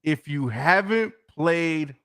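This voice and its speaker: A man co-hosting a casual podcast chat, animated, laughing often and repeating himself for emphasis. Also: a little high, slow, clean tone. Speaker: co-host.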